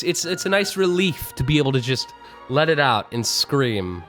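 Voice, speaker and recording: Animated, rambling male streamer. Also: mid-range voice, normal speed, soft background music. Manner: rambling and self-mocking, bursts of laughter. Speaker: streamer and voice actor. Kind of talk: casual live-stream chat. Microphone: streaming microphone.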